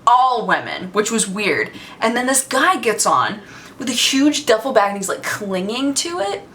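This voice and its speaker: Bright, chatty woman telling a story. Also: fairly high pitch, sing-song, normal speed, slight background noise. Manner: chatty, laughs often, many fillers. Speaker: vlogger. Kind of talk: casual storytelling.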